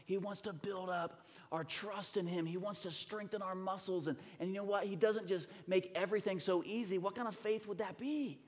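A man preaching a sermon, telling a personal story with animated emphasis and repeating words when he gets excited. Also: sits high, normal speed, few pauses. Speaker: pastor. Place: church sanctuary. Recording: reverberant hall.

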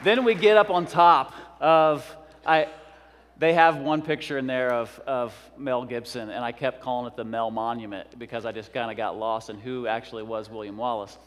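A man's voice: mid-range voice, fairly even intonation, moderate pace, fairly bright tone, long reverb tail. A man preaching a sermon as pastor, urgent and exhorting, with joking asides.

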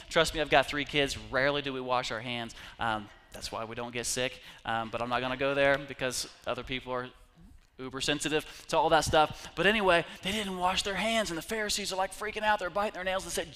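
Middle-aged male pastor, energetic sermon, bright slightly high voice, hushed asides to shouts. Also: fairly quick, long reverb tail. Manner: animated, shifts between hushed asides and shouted exclamations.

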